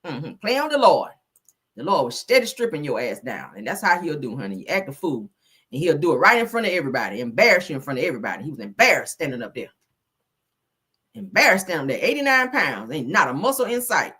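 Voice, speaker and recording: A woman hosting a livestream, teasing and joking with her viewers in casual gossip chat. Her voice is husky and breathy. Her pitch swings widely as she talks. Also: very animated, quick pace, sharp tone. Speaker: livestream host.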